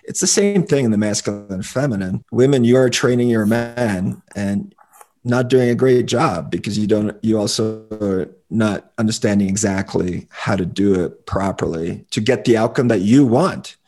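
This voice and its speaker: A man talking as a relationship coach on a casual podcast, explaining his views in an opinionated, relaxed way. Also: fairly low pitch, normal speed.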